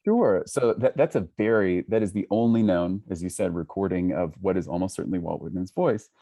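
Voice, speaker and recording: A man talking as a guest scholar on a video call, thoughtful and hesitant, with frequent restarts and soft laughs. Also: deep voice, a little fast. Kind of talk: casual conversation on a video call.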